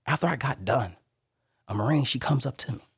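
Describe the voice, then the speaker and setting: A man, a Marine, telling stories as a guest on a podcast interview in an animated way. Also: mid-range voice, slightly rough, no echo, clean studio sound. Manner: animated, rapid storytelling.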